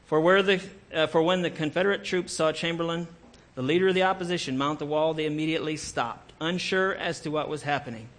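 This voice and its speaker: Male storyteller, earnest, dramatic narration, slightly high pitch. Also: a little fast, fairly bright tone. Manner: earnest, with occasional self-corrections.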